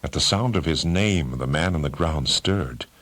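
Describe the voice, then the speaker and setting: A man narrating an audiobook thriller in a measured, dramatic way. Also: extremely low pitch, animated, a bit bright, no echo. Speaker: audiobook reader.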